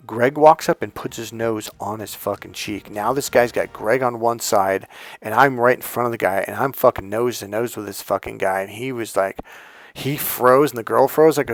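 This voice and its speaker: A man's voice: medium pitch, brisk, no room sound. A man telling a personal story in casual, profane speech, often acting out what others said. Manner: profane, animated, quoting others in voices.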